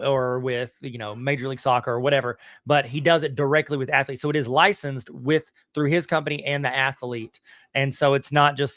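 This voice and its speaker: A man's voice: medium pitch, a bit bright, dry recording, studio quality. A middle-aged man with a Southern US accent hosting a podcast on a live stream, talking in a casual, slangy way with lots of fillers and restarts. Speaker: podcast host.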